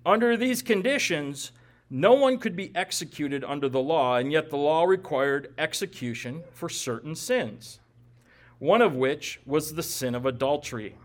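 Man, fairly high voice, Bible teacher, emphatic lecturing, wry asides. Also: animated, measured pace.

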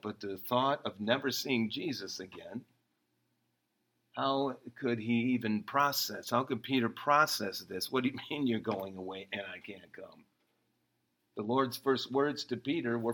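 A man preaching in a relaxed, conversational way while walking his listeners through the passage verse by verse. His voice sits at an ordinary middle pitch. He acts out the lines he quotes. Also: poor audio. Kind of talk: expository sermon.

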